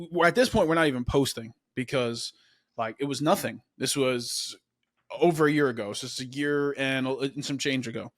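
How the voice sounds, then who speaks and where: A man's voice: medium pitch, a bit bright, no echo. Laid-back young man, dry close mic. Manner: laid-back, peppers speech with "man" and "dude". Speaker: podcast host. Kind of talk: casual storytelling chat.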